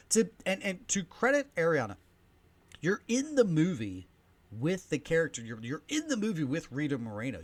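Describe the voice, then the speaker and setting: A man in his thirties or forties hosting a podcast, ranting excitedly in a movie review, swinging between loud emphasis and soft asides. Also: a little high. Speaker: podcast host, film reviewer.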